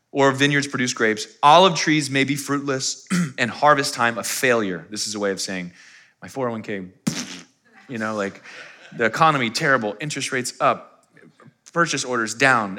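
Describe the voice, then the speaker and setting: A pastor preaching a conversational sermon, dropping to a hush and then rising to emphatic, animated points. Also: male voice, mid-range voice. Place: church.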